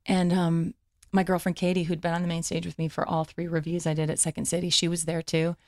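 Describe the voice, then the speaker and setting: A woman guest comedian telling a story in casual conversation, lively, acting out other people's quoted lines amid fillers and false starts. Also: on the low side, no room sound, studio quality. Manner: lively, acts out what others said in quick quoted voices.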